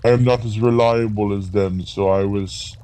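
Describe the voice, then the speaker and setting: A man's voice: lowish voice, steady tone, moderate pace, warm tone, clean tone, lightly acted. A man voicing a thief who poses as a humble cloud giant patrolman, speaking evasively. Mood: deceptive.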